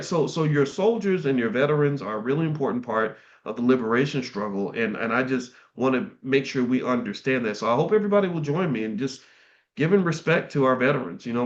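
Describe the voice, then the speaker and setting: Man, middle-aged, livestream host, earnest, heartfelt, repeats himself, mid-pitched voice, dull lo-fi audio. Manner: heartfelt, repeats words and restarts sentences. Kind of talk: earnest livestream talk to chat viewers.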